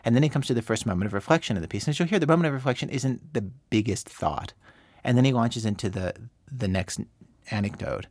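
A man's voice: mid-range voice, fast talker, a little mellow, no room sound. A man who works as a radio producer, explaining storytelling craft in a chatty way, full of fillers and repeats. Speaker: radio producer, interview guest.

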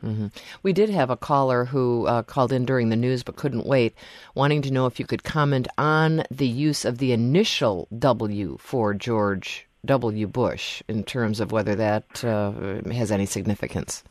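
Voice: mid-range voice, normal speed, no echo. A radio talk show host reading the call-in number and interviewing a guest. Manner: reads call-in details, then asks questions conversationally.

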